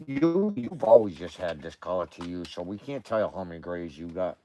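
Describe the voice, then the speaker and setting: A man hosting a casual livestream from outdoors at home, chatting with viewers and cooing softly to his dogs. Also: deep voice, expressive, a little fast, few pauses, slight background noise. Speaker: livestream host. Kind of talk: casual live chat.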